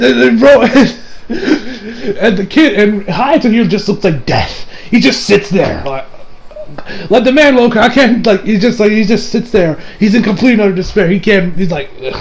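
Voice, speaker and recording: A young man casually reviewing an anime episode, excitable and swearing, acting out scenes with sudden shouts. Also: high voice, moderate pace, vocal fry.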